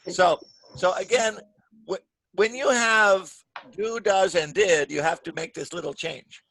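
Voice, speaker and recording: A man teaching an English grammar class over a video call, speaking clearly and patiently and stressing the words he models. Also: high voice, measured pace, fairly bright tone. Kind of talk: online grammar lesson. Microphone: computer mic on a video call.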